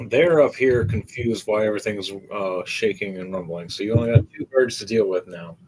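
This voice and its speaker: A man running a tabletop game as game master, telling the story in a rambling, excitable and profane way. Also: lowish voice, normal speed, rough recording.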